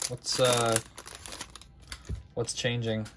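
A man's voice: medium pitch, monotone, extremely slow, noisy background. A young man hosting a live trading card break, listing names as he opens packs and stumbling over his words now and then.

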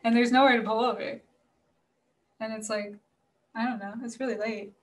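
A woman from Florida telling a story in casual podcast chat, animated, filling her talk with "like" and cursing freely. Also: a little high, moderate pace. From Florida, USA. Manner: animated, heavy use of "like", swears freely. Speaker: podcast guest.

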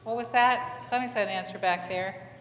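A woman pastor with a medium-pitched voice speaks at a quick pace, giving a conversational sermon where she asks the congregation many questions and tells animated stories. The church sanctuary recording is echoey with faint ambience.

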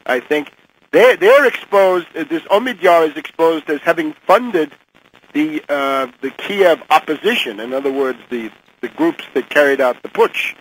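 A man's voice: on the high side, lively intonation, normal speed, a little hiss or hum, rough recording. An older man speaking as a guest commentator in a radio interview, often hesitating and repeating words as he makes pointed criticisms.

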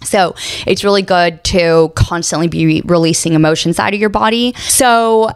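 Smooth-voiced woman podcast host, candid storytelling. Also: fairly low pitch, moderate pace, no room sound. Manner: candid, expressive storytelling with frequent swearing. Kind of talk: casual solo podcast chat.

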